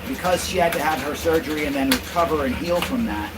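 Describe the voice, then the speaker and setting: A man's voice: on the high side, fast talker. A man running a casual livestream from a van while exercising a dog, explaining things plainly to viewers and cooing praise to the dog in between. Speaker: dog exercise business owner. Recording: distant mic with loud background noise.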